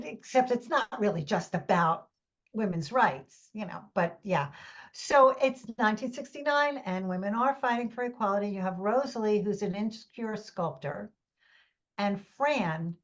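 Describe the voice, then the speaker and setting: Woman, novelist guest, friendly, explanatory, muffled lo-fi sound. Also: mid-range voice. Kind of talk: casual interview chat.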